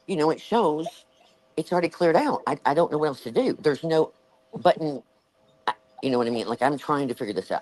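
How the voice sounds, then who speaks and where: A woman with a Southern US accent hosts a show, telling a story in casual conversation and animatedly acting out the voices of the people she quotes. Her voice rumbles low, and the audio quality is poor.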